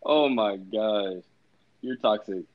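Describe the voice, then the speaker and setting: A man's voice: fairly low pitch, takes it slowly. A young man co-hosting a podcast, teasing his friend in casual banter and laughing often. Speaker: podcast co-host. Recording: dull lo-fi sound.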